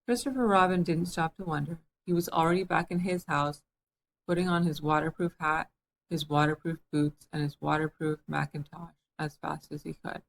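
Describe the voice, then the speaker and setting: A woman reading a children's book aloud in a gentle, measured way. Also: low voice, steady tone, creaky, slight background noise. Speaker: storyteller.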